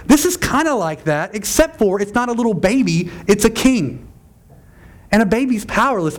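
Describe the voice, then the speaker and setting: A man preaching a sermon as pastor, conversational and emphatic, often repeating his phrases. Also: sits high.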